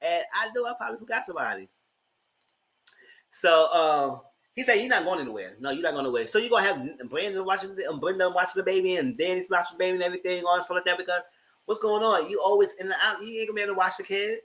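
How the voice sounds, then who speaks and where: A man's voice: high-pitched, fast, a bit bright. A man with hosting a casual live TV review, talking in slang, laughing often and acting out characters' lines. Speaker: host.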